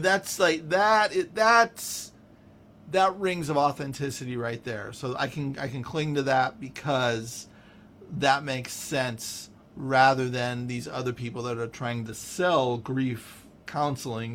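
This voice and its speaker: A man's voice: mid-range voice, fairly even intonation, a little slow, a bit bright, a little hiss or hum. A man hosting a podcast in casual chat, rambling with many restarts. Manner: rambling, self-interrupting, lots of restarts. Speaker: podcast host.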